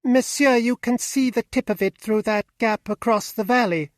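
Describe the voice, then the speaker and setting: A man performs as a cheerful young woman, pushing his voice very high, well above his natural pitch. He speaks at a normal speed, and the studio-quality recording is dry.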